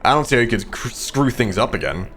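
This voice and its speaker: A man's voice: mid-range voice, lively intonation, quick pace, a bit bright, soft background music, lightly acted. A man voicing a smug, scornful male sea creature, reading game dialogue aloud in a mocking, condescending way.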